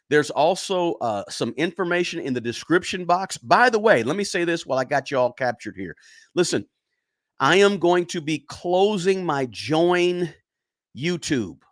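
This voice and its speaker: A man's voice: mid-range voice, no room sound, studio quality. A man hosting a live finance stream, talking casually and directly to his viewers and often repeating himself. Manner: chatty, talks straight to viewers, repeats himself. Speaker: finance livestream host. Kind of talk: casual livestream chat.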